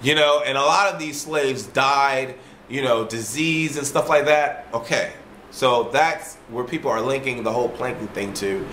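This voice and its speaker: A man rants to his camera in a loose, animated monologue, cursing freely and circling back on his points. His voice sits at an ordinary pitch for a man. The recording has a roomy echo and a faint hum behind it. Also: normal speed. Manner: animated storyteller who swears freely and repeats himself. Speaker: vlogger. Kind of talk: casual ranting monologue.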